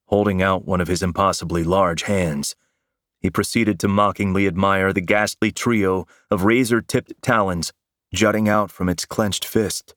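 A man giving dramatic first-person fiction narration in an intense, measured storytelling manner. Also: lowish voice, steady tone, no echo, clean studio sound.

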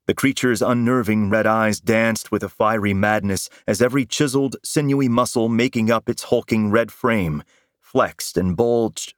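A man giving dramatic first-person fiction narration in an intense, measured storytelling manner. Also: lowish voice, no room sound, studio quality.

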